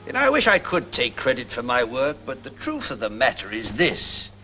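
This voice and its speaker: A wry, pompous Victorian novelist. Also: male voice, mid-range voice, huge pitch swings, normal speed. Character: witty, jovial Victorian novelist, middle-aged man. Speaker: actor in a TV comedy special. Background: music.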